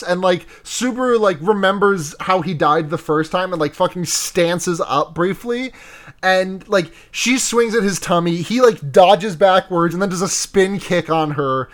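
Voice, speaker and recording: Rambling, slightly high-voiced man recapping casually. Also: a little slow, fairly bright tone. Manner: rambling, heavy on fillers and swearing. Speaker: podcast co-host. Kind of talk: casual recap of an anime episode.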